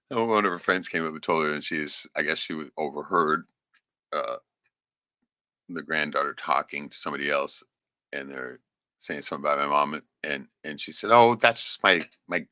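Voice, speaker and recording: A man's voice: extremely low pitch, pushed and bright, no room sound. A man telling a personal story in a rambling, profane, casual way, often checking in with "right?".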